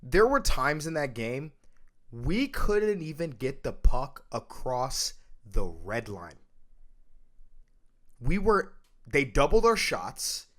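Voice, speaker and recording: A man hosting a casual sports podcast, ranting emphatically and swinging between loud outbursts and low mutters. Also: very animated, takes it slowly, long pauses. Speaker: podcast host.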